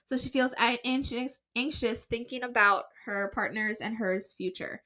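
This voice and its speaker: Woman podcast co-host, crisp bright voice, slightly breathless, reads a listener letter with chatty ums. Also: on the high side, moderate pace. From United States. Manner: chatty, reads aloud with fillers and restarts. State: a bit out of breath. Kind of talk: casual podcast chat, reading a listener letter.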